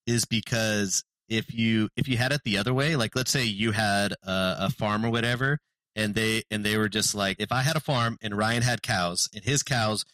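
A man's voice: on the low side, dry recording, poor audio. A man co-hosting a podcast, casually retelling a history story and acting out the people in it. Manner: animated storyteller who acts out quoted characters. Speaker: podcast co-host.

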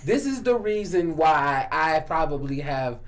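A man with a Chicago accent in casual chat, telling stories in a profane, animated way with lots of restarts. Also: fairly high pitch, a little slow.

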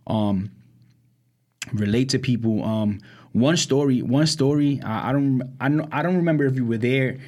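At a normal speed and in a mid-range voice, a young man from Brooklyn, co-host of a podcast, tells stories casually. He acts out what people said with animation and uses many fillers like "like" and "um."

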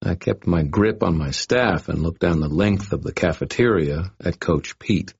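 Deep, husky male audiobook narrator. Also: a little slow, a little mellow. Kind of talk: scripted first-person narration. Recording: dull lo-fi audio.

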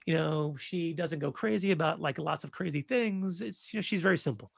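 Man in his forties, casual chat, swears a lot, animated, fairly high voice, dry sound. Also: fairly quick, vocal fry, no room sound. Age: 40s. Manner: animated, profane storytelling.

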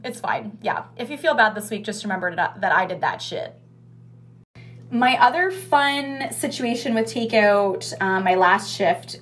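Young woman ranting bout her restaurant shift, kinda high voice, swears a bunch, says like every other word. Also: a bit bright. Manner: chatty, swears freely, heavy use of "like". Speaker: restaurant takeout worker. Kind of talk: casual storytime chat.

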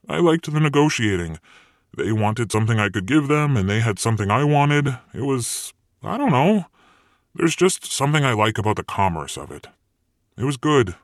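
A man's voice: medium pitch, dry recording, studio quality, close to an everyday voice. A man voicing a weary, grumpy male Satan, hesitant and sarcastic in his replies. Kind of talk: audiobook character reading.

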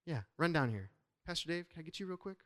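A pastor delivers a lively sermon from the front of a church, his voice a touch higher than most men's, with a long reverb tail. His preaching is loose and conversational, full of playful asides and quick tonal shifts as he works the room.

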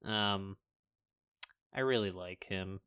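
A man's voice: deep voice, slow, bright, forceful tone, smooth. A young man co-hosting a podcast in casual chat, enthusiastic and talking himself into his own ideas. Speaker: podcast co-host.

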